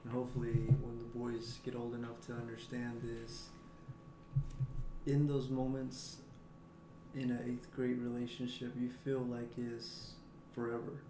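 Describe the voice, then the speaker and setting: A man's voice: mid-range voice, flat delivery, unhurried, background noise. A man talking earnestly and reflectively in a casual podcast conversation. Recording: roomy echo.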